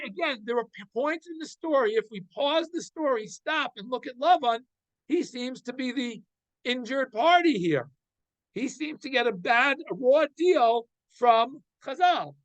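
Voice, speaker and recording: A man's voice: extremely high pitch, lively intonation, normal speed, no echo, poor audio. A man giving a weekly Torah class, translating Hebrew verses line by line and explaining them. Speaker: Torah teacher.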